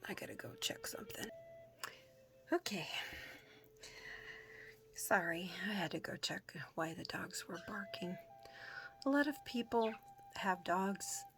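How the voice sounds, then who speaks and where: A woman talking casually to her viewers, rambling with many pauses and filler words, dropping into soft whispers now and then. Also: on the low side, big pitch swings, a little hiss or hum. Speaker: vlogger. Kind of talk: casual talk to camera.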